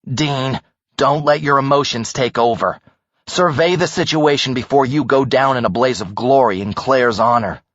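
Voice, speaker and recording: A man's voice: medium pitch, fairly bright tone, dry recording, muffled recording, natural voice. A man voicing a serious level-headed young man. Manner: serious, measured.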